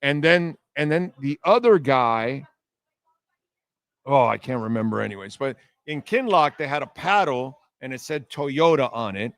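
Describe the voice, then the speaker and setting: A man's voice: medium pitch, lively intonation, a little slow, fairly bright tone, dry recording. A man hosting a sports radio show, rambling through a profane story and reading chat comments. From Miami. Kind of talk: casual live-stream chat.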